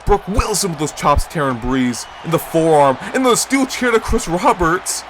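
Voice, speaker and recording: At a normal speed and with slight background noise, a young man gives excited play-by-play on a video game wrestling league. He erupts in high shouts on big moves and chats to his viewers in between.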